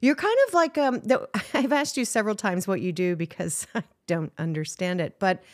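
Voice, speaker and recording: A woman's voice: mid-range voice, normal speed, dry recording, clean studio sound. A woman hosting a podcast, interviewing a friend casually with playful remarks and frequent exclamations. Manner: expressive, exclaims and laughs often, playful. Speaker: podcast host.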